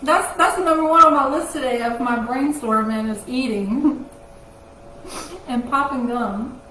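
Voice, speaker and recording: A woman co-hosting a casual live chat show, loud and teasing, laughing often. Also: high voice, unhurried. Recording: echoey room with noise.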